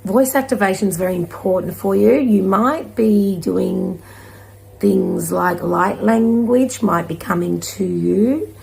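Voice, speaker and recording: A woman leads a spiritual card reading in a gentle, encouraging way. Her voice sits in the middle of the range and carries heavy vocal fry throughout. She drifts between thoughts in a loose, rambling flow. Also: mid-range voice, slow pace. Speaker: intuitive card reader.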